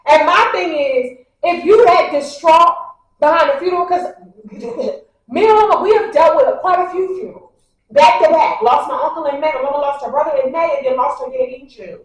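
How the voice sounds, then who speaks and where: A woman vlogger with a high voice tells her story straight to the viewers, animated and acting out the other people's words. She sits back from the mic in a very echoey room. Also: a little fast. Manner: animated, acts out what people said; talks straight to the audience, addressing them directly. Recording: very echoey, a bit far from the mic.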